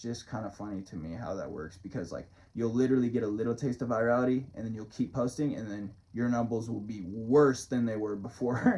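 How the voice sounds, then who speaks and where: A man with a warm, mid-range voice rambles casually to the camera like a motivational vlogger. He swears freely and chuckles often, keeping things loose and profane.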